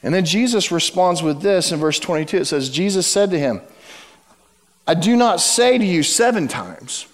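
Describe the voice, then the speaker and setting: A man preaching a sermon to his church, telling a story with dramatic shifts between loud emphasis and hushed words. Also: high voice, expressive, normal speed, in a large hall. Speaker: pastor. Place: church sanctuary.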